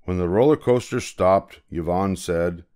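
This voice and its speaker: Low-voiced grandfather reading a storybook. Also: measured pace, clear, resonant tone. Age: older. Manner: gentle, expressive storytelling. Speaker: storybook narrator. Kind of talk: children's read-aloud narration.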